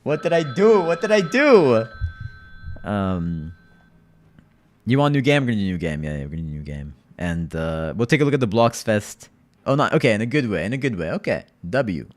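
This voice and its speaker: A man's voice: low-pitched, big pitch swings, a little fast. A man streaming live and chatting casually with his viewers, talking in a laid-back, rambling way and often addressing the chat directly.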